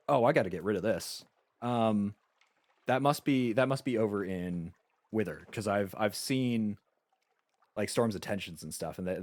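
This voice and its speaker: Animated low-voiced male game streamer. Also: no echo. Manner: animated, stammering restarts, casual slang. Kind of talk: live gameplay commentary, reading game text aloud.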